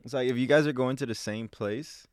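A man's voice: mid-range voice, darkish tone, dry recording, clean studio sound. A man co-hosting a podcast in casual chat, teasing his friends and throwing out questions. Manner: teasing, quick banter and questions. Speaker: podcast co-host.

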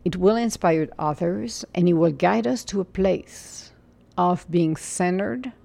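A woman in her forties giving an earnest, encouraging spiritual talk, sometimes sinking into a soft whisper. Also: on the low side, a little slow, creaky. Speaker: spiritual motivational speaker. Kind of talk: inspirational monologue.

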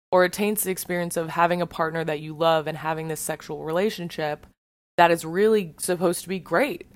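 Young woman ranting on her podcast, swears a lot, lowish voice, dry close mic. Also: no echo. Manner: frank and profane, heated. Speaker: podcast host. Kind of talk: personal monologue.

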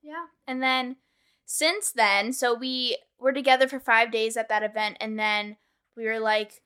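A young woman from New York co-hosts a casual podcast with a wry, teasing manner. Her voice is bright and a little high, with a crisp edge. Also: normal speed. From New York area, US. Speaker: podcast co-host. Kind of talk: casual chat.

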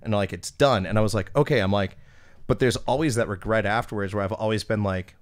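Profane, animated young man telling stories. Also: on the low side, fast talker. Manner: profane, animated storyteller acting out quotes. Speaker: podcast host. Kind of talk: casual storytelling chat.

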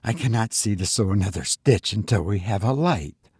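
Male reader playing a brisk, sharp middle-aged sister; husky and dry. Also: on the low side, lively intonation, dry recording.

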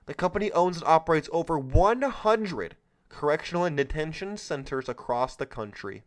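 Sarcastic, lively-pitched male podcast host. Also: normal speed. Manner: sarcastic, mocking, exclamatory. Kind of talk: solo political commentary podcast.

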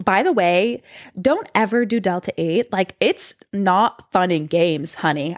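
A woman in her twenties hosts a podcast and tells stories casually, chatting away with lots of fillers, especially "like." Her voice is mid-range, and the studio-quality recording has no room sound.

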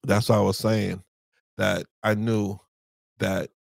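A man co-hosting a casual podcast chat about marriage, a relaxed storyteller who acts out past conversations. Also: on the low side, slow, vocal fry, no echo. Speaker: podcast co-host.

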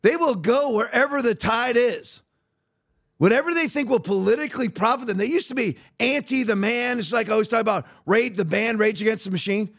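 High-voiced man ranting as podcast host. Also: brisk, fairly bright tone. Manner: heated, sarcastic, repetitive. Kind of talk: ranting political commentary.

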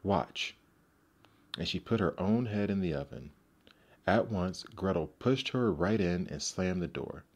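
A man narrating classic fairy tales aloud in a measured, gentle storybook manner. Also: low voice, lively intonation, husky.

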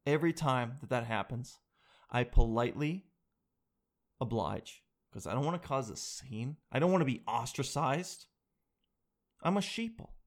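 A man in his thirties telling a self-deprecating comic story in casual chat, with lots of animated quoted voices. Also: mid-range voice, moderate pace.

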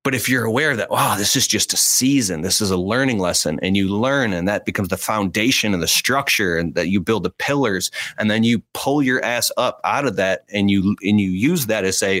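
Lower-voiced blunt motivational man. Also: normal speed, few pauses, a bit bright, dry recording. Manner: earnest, blunt, fervent. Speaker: podcast guest. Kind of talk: motivational talk.

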